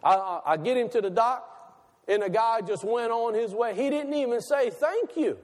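A man preaching a sermon, asking his listeners questions and slowing down to stress key words. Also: very high voice, a little mellow, big-room sound. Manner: asks the audience questions, slows for emphasis.

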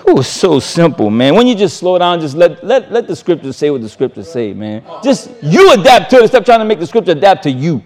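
A man's voice: high-pitched, a little mellow. A man teaching a sermon, reading scripture aloud and commenting in an emphatic, casual way, repeating his key phrases and chuckling between points. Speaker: Bible teacher.

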